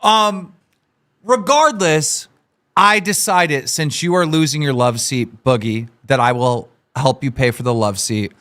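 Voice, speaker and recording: A man hosting a livestream, talking casually and brashly, swearing and yelling at his guests. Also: mid-range voice, measured pace. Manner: brash, profane, excitable. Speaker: stream host. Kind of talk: casual streamer chat.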